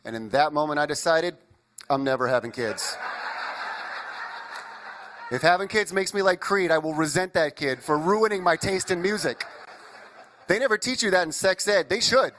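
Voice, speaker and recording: A young man from Indiana performing an animated stand-up comedy set, riffing with the crowd. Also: a little high, normal speed, pauses often, a little hiss or hum. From Indiana, USA.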